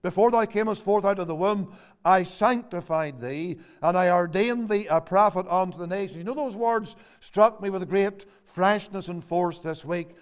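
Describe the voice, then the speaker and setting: A man's voice: sits high, normal speed, clean tone. An older man and pastor preaching a sermon in a church, quoting scripture in old-fashioned English and building to emphatic declarations. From Northern Ireland. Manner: preaching with King James quotations, rising to emphatic declarations.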